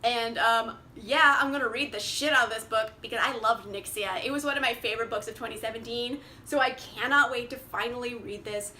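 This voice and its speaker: Chatty young woman, high bright voice, giggly, lots of likes. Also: fairly quick, hardly any pauses, slight background noise. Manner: bubbly, laughs often, says like a lot. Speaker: book vlogger. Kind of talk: casual chat.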